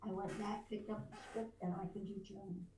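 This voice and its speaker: An older veteran voice actress, a podcast guest, telling lively anecdotes and slipping into voices. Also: female voice, medium pitch, fairly quick. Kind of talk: storytelling in a podcast interview. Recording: roomy distant mic, faint noise.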